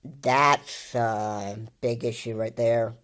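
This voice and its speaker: A woman's voice: a bass voice, steady tone, drawn-out words, a bit bright. A woman giving casual commentary over video clips, rambling and repeating her points with many fillers.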